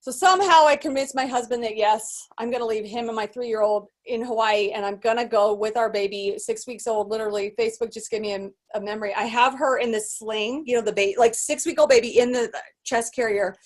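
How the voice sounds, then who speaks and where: A woman coach tells her own story in a lively motivational talk, her voice sitting a little high. She rambles with restarts and fillers and often acts out other people's voices. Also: brisk. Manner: animated, acts out quoted voices. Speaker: business coach.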